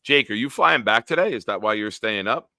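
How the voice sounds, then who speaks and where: A man's voice: on the low side, expressive, brisk, sharp tone, dry recording. A young man hosting a sports podcast live stream, casually joking and reading out viewer comments. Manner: jokey, reads out viewer comments.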